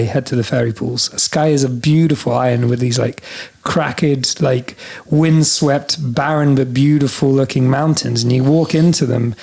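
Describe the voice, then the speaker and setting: A Scottish man from Scotland giving rambling, lively travel advice as a podcast guest, swearing freely. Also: medium pitch. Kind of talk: casual storytelling chat.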